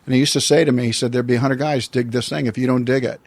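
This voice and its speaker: Older american guy telling a long personal story, mid-pitched voice, lots of restarts. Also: steady tone, very fast, creaky, dry recording. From United States. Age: 60s. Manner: reflective, rambling with many restarts. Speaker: guest. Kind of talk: storytelling in an interview.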